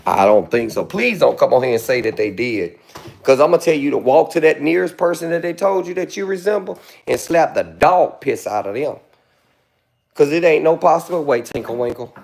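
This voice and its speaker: A man's voice: a little high, expressive, moderate pace, creaky, darkish tone. A man hosting a live stream, sassily and theatrically roasting a commenter in mock-pleading asides. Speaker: livestreamer.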